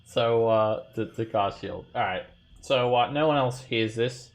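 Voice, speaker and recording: A man narrating as game master of an online tabletop game, halting with many fillers and restarts. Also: medium pitch.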